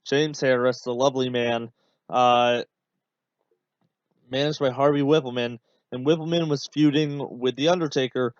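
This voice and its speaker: A man hosts a casual podcast watch-along, rambling through his thoughts with plenty of fillers and a sarcastic, exasperated edge. His voice sits at an ordinary middle pitch. The recording is dull and dry, with no room sound. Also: fairly even intonation, normal speed, clear, resonant tone, no echo. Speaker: podcast host.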